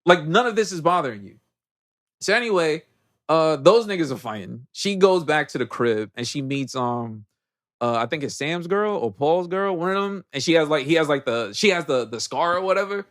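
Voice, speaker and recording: A man co-hosting a podcast, recapping a movie in casual chat with heavy slang and lively storytelling. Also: fairly high pitch, moderate pace. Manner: animated storyteller, heavy slang, acts out characters. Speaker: podcast co-host.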